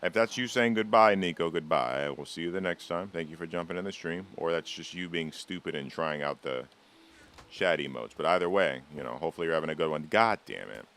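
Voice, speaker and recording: A man streams a game live and chats casually with his viewers, rambling, teasing and swearing freely. His voice is deep and fairly bright in tone, and he talks fairly quickly.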